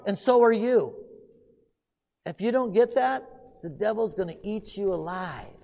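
A man preaching a sermon, asking emphatic rhetorical questions and swinging between loud outbursts and hushed passages. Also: sits high, animated, a little slow, gravelly, pauses often. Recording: long hall reverb.

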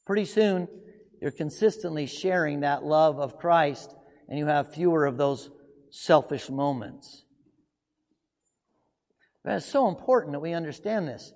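A man preaching a sermon, asking emphatic rhetorical questions and swinging between loud outbursts and hushed passages. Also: a little high, lively intonation, unhurried, pauses often. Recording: long hall reverb.

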